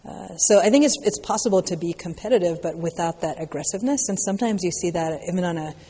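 Reflective woman meditation teacher, casual and unhurried in her phrasing, warm dark tone, recorded with long hall echo. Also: on the low side, breathy edge. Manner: reflective, loose, peppered with "you know" and "like". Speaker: dharma teacher answering questions. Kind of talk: casual dharma talk Q&A.

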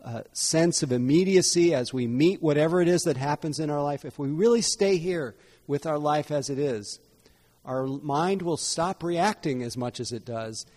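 A man's voice: a little high, darkish tone. Reflective man giving a dharma talk. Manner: unhurried, reflective, repeats and rephrases. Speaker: meditation teacher. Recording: long hall reverb.

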